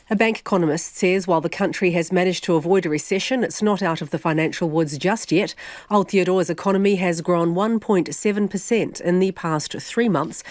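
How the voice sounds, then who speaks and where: A woman reading news headlines on radio in a measured, formal way. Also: on the low side, darkish tone, no echo. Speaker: newsreader.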